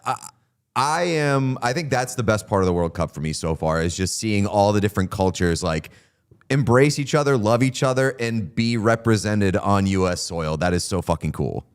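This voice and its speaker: Co-host, male, low but highly expressive pitch, earnest and enthusiastic. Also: moderate pace, clear, resonant tone. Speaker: podcast co-host. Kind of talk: casual chat.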